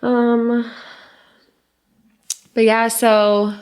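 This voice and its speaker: A young woman co-hosting a podcast, telling a painful personal story in a halting, emotional way that drops to a hush at hard moments. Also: a little high, level tone, smooth. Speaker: podcast co-host.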